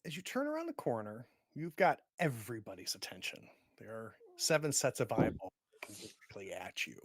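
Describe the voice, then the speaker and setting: A man narrating a tabletop game as game master, in vivid, animated storytelling. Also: mid-range voice, a little fast, dry recording.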